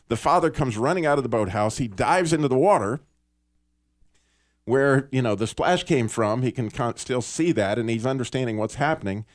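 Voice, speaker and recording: A man hosting a Christian radio talk show, telling a story in an earnest, animated way with small restarts. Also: mid-range voice, no room sound, clean studio sound. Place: radio studio.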